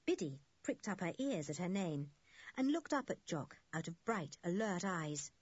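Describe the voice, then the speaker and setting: Breathy woman narrating a children's story. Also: on the low side, very animated, moderate pace, a little mellow, no echo. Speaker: audiobook narrator. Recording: dull, lo-fi dry recording.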